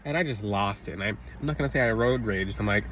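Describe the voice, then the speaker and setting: A man telling a personal story in a casual, rambling monologue, interrupting himself and bursting into loud re-enacted shouts. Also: on the low side, fast. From Florida. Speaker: religious vlogger. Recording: slightly distant mic, faint outdoor traffic noise.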